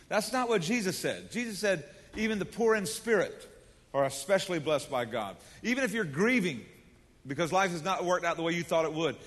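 In a large church sanctuary with long hall reverb, a middle-aged pastor with a high, somewhat bright voice preaches to his congregation, folksy and emphatic, leading call-and-response.

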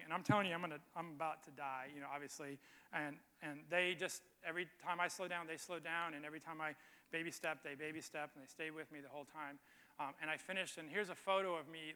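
Guy preaching, pretty high voice, punchy and bright, keeps repeating his point, big echoey church hall. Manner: conversational storytelling with emphatic repetition. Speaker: pastor. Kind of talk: sermon. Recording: long hall reverb.

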